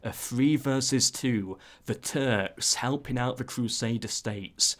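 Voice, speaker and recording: A man giving casual play-by-play commentary on a strategy game, breaking into excited asides. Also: mid-range voice, takes it slowly. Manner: excitable, frequent "ooh"s and asides.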